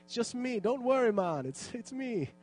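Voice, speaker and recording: A man voicing a calm, reassuring male teacher with a Jamaican accent, soft and laid-back. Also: very high-pitched, moderate pace, a little hiss or hum, pitched above the performer's own voice.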